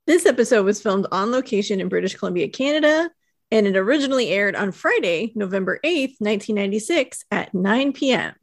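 Woman co-host with a gravelly voice. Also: mid-range voice, lively intonation, fairly quick, dry recording, studio quality. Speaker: podcast co-host. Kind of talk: casual chat and read episode intro.

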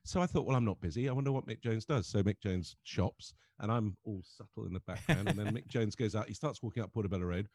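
An English man telling funny stories in casual chat, animated and often laughing as he talks. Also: on the low side, quick pace, hardly any pauses, dry recording. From England. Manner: animated storyteller, laughs through his stories. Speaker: comedian guest.

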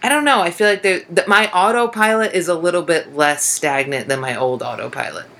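A woman's voice: fairly low pitch, fairly quick, vocal fry, a bit bright. A young woman comedian co-hosting a podcast, chatting casually in a rambling way, swearing freely and acting out quotes. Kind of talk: casual chat.

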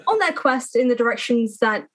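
British woman podcast guest, a bit high-voiced, self-deprecating and giggly. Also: lively intonation, moderate pace, a bit bright, a little hiss or hum, low-quality recording. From Britain. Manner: self-mocking, laughs often. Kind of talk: casual podcast chat.

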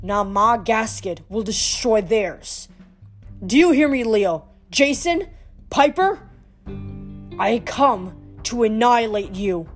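A woman's voice: on the high side, lively intonation, slow, soft background music. A woman voicing a huge, brutish female Cyclops who shrieks and bellows her demands in a storybook reading. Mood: growling.

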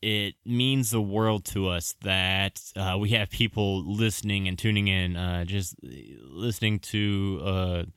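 Male podcast host, rambling and apologetic, smooth tone, dry booth sound. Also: low-pitched, fairly bright tone, no room sound. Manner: rambling, apologetic, fast announcements. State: out of breath. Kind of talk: casual podcast outro.

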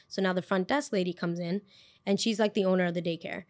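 Young woman, podcast host, casual storytelling, animated, acts out quotes, chatty. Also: fairly low pitch, fast talker.

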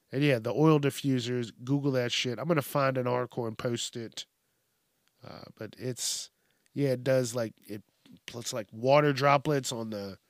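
Recorded cleanly in a studio with no echo, this solo podcast host has a mid-range voice. He rants casually and profanely, briefly mimicking others along the way.

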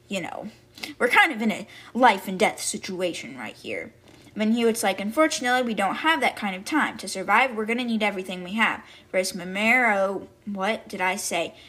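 A woman hosting a podcast who recaps a book in a loose, conversational way. She pads her sentences with fillers like "like" and "I guess." Every so often she jumps into a sudden high-pitched exclamation. Her voice sits at a medium pitch. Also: a bit bright. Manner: chatty, full of "like" and "I guess" fillers. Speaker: podcast host. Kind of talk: casual book recap and commentary.

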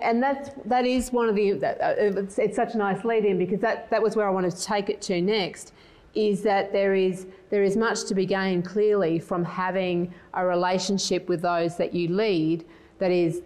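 A middle-aged woman gives a conference talk in a low, even voice. She speaks in a measured, reflective way and restarts her phrases as she thinks aloud. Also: low-quality recording. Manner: measured, thoughtful, with frequent restarts. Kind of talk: conference presentation.

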